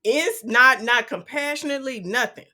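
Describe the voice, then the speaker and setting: A woman's voice: high-pitched, normal speed, pushed and bright. A middle-aged woman co-hosting a podcast, telling a family story in an earnest, vivid way with frequent restarts. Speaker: podcast co-host. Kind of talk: casual conversation.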